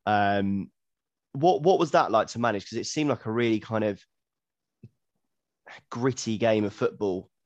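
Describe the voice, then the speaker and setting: A man's voice: lowish voice, unhurried, pauses often, a little mellow, dry recording, muffled recording. A man hosting an interview who asks long questions, hesitant, with restarts as he goes. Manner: hesitant, restarts and fillers while asking. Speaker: podcast host.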